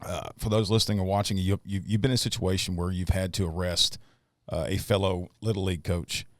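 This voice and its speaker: A man hosting a podcast, speaking to the audience in halting sentences with many restarts. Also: sits low, fairly even intonation, no echo, studio quality. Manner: halting, restarts often while framing points for the audience. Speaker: podcast host. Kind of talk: podcast interview talk.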